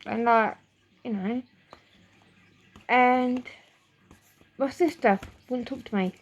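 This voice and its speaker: A middle-aged woman pours out her life story to camera, emotional and rambling, breaking off and restarting, with the odd swear word. Her voice sits a little high. The recording is muffled and lo-fi, as from a home camera. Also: slow. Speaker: vlogger.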